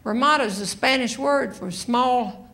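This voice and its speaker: A woman's voice: fairly high pitch, a little slow, very noisy. A woman playing a laid-back male river guide who answers in a drawling, matter-of-fact way.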